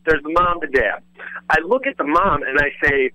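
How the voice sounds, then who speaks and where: A man telling a wild story in animated casual chat, rambling with lots of fillers and swearing freely. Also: a little high, normal speed, no echo, low-quality recording. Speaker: former radio host telling a story as a guest.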